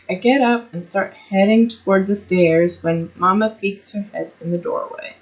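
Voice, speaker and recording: An amateur storyteller, a woman with a mid-range voice, reads her own first-person story aloud at a moderate pace with hardly any pauses. She stumbles and restarts lines often and comments on her own slips. The recording is slightly muffled.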